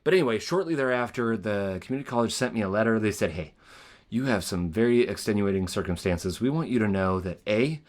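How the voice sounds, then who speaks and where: This man's voice sits lowish and sounds expressive at a fairly quick pace. Hosting a conversational podcast interview, he shares a personal story in an earnest, rambling way full of restarts. He comes from the Spokane, Washington area.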